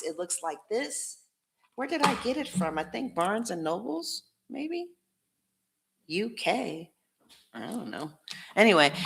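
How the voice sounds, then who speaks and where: A woman's voice: mid-range voice, sharp tone. A woman giving a casual tarot reading, talking bluntly and preachily, with slangy asides to her viewers. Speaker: tarot reader.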